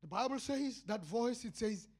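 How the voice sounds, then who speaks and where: A man with a South African accent preaching a sermon as a pastor, swinging between shouted cries and low murmured asides. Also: expressive, normal speed.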